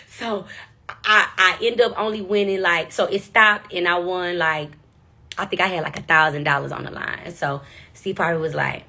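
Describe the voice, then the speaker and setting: A woman in her twenties from Houston, telling a story in an animated, profane, slangy way. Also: mid-range voice, normal speed. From Houston, Texas. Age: 20s. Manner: lively, profane, playful slang. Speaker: vlogger.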